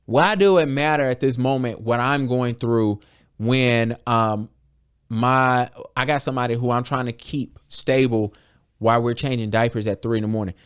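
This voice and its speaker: In casual, candid podcast talk, this young American host swears a lot, speaks bluntly, and voices out whole exchanges as quoted dialogue. His mid-range voice stays steady, clear, and resonant at a normal pace.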